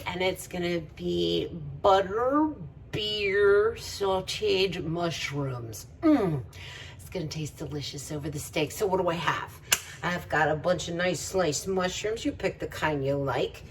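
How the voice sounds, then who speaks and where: A woman's voice: lowish voice, a little slow, distant mic, a little hiss or hum, poor audio. A woman making a home cooking video, chatting to viewers as she cooks and laughing often. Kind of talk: casual cooking demonstration. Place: home kitchen.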